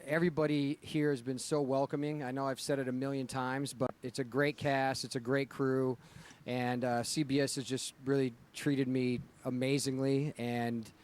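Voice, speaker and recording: A man's voice: mid-range voice, fairly even intonation, normal speed, a little hiss or hum. A man from Ohio, an actor guest, answering questions in an easygoing, jokey way. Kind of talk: casual interview answers.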